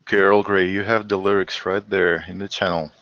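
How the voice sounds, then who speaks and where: A man's voice: sits low, little pitch movement, fairly quick, no echo, muffled recording. A man chatting playfully as a developer panelist in a casual live Q&A. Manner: jokey, playful.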